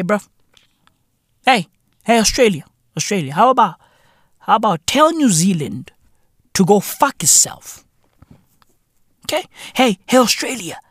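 A man's voice: sits high, a bit bright, dry recording, clean studio sound. A man hosting a profane satirical comedy monologue, sarcastic and drawling, slipping into asides. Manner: drawling, sarcastic, heavy swearing, drops to whispers. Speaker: comedy podcast host.

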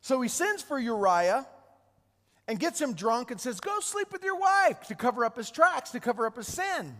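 A man's voice: very high voice, big pitch swings, moderate pace, fairly bright tone. A man preaching a sermon, retelling Bible stories with restarts and repeated words. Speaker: pastor. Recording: long hall reverb.

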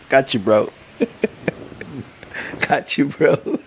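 A man hosting a casual solo sports podcast, rambling in a relaxed, slangy way and laughing often. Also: medium pitch, very slow, pauses often, a little hiss or hum. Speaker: podcast host.

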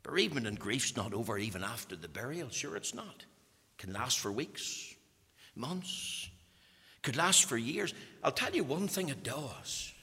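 A man preaching a sermon with passion. He swings from hushed tones to loud emphasis and repeats words when he presses a point. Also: mid-range voice, sing-song, measured pace. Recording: long hall reverb.

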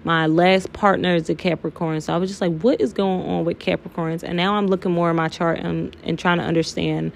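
A young woman hosts her own podcast, talking candidly and emotionally and peppering her speech with swearing and y'all. Her voice sits a little low and has a gravelly fry to it. Faint noise hums behind her. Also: steady tone, fairly quick, hardly any pauses. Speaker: podcast host. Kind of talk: candid personal podcast monologue.

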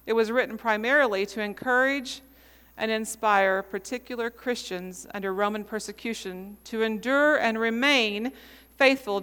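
A woman in her forties preaching a sermon, telling a story with measured, dramatic pauses. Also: medium pitch, a bit bright, clean tone, big-room sound. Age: 40s.

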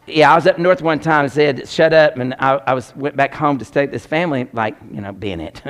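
A man preaching a sermon, animated and joking as he talks straight to the congregation. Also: medium pitch, fast talker.

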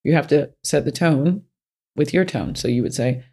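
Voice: medium pitch, animated, normal speed, creaky, dark tone, husky. Frank plain-spoken advice giver. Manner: plain-spoken, repeats key points for emphasis; frank, speaks from personal experience. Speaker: self-help speaker. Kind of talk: casual advice talk.

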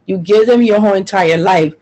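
A woman's voice: medium pitch, a little fast, mellow, low-quality recording. Frustrated New woman recounting hardship. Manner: frustrated, emphatic, repeats herself. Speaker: interviewee. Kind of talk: personal testimony interview.

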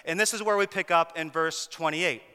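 A male pastor preaching a sermon, telling stories in an animated way and repeating words for emphasis. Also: a little high, moderate pace, clean tone, big-room sound.

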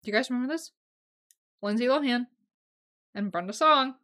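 On her casual solo podcast, a young woman gushes emotionally, swinging from loud, excited bursts to quiet asides. Her voice is a little high and she talks at a normal speed.

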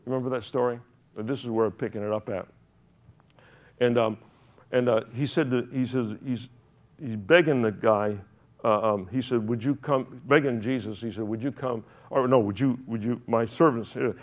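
A man's voice: mid-range voice, darkish tone. A man preaching a sermon, rambling and correcting himself, then building to fervent emphasis.

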